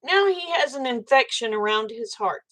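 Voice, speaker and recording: Older woman with a fairly high voice. She talks to her livestream viewers in a blunt, fired-up way and swears freely as she chats. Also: lively intonation, normal speed, fairly bright tone. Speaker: livestream host. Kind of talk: casual livestream chat with viewers.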